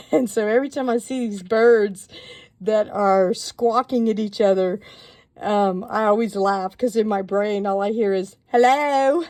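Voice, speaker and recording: Woman host for a craft tutorial, mellow tone, chatty and digressive. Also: mid-range voice, fairly even intonation, a little slow. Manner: chatty, rambling with asides and fillers. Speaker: stamping craft demonstrator.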